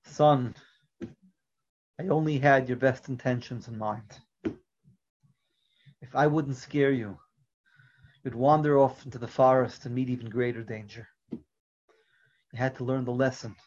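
A stern yet loving father speaks firmly and earnestly to his son, as told by a preacher. His voice sits a bit high, and the recording is dull and lo-fi. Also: moderate pace, a little hiss or hum, close to an everyday voice. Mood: tender. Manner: firm, earnest warning tone.

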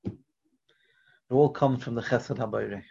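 A man giving an earnest religious lecture, often dropping to a quiet, soft delivery, and weaving in a story. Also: medium pitch, unhurried, creaky, slight background noise. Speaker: Torah teacher. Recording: dull lo-fi recording.

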